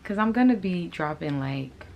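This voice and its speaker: Low-voiced woman, chatting casually. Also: expressive, normal speed, darkish tone, a little hiss or hum. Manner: laid-back and slangy, talks right to viewers. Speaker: fashion channel host telling a story. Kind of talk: casual story-time chat.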